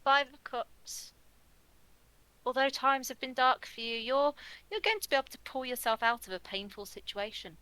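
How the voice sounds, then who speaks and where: A woman voicing a menacing female tarot reader who speaks slowly and dramatically in a tabletop game. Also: sits high, animated, pushed and bright, voice pushed up, rough recording. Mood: ominous. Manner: slow, dramatic, foreboding.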